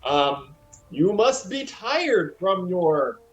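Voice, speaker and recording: A man voicing a nervous doctor who leads a cult, with a fast, theatrical, winking delivery. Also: high voice, very animated, pitched above the performer's own voice, heavily acted. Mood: sly. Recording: roomy sound with music behind.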